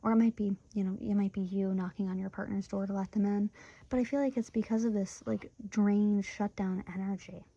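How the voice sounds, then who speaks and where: A woman's voice: medium pitch, steady tone, fairly quick, warm tone, dull audio. A woman in her twenties from Michigan giving a casual tarot reading, chatty and full of "like" fillers, openly talking through her feelings. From Michigan, USA. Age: 20s. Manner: chatty, heavy use of "like" fillers; emotionally open, talks through her feelings. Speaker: tarot reader.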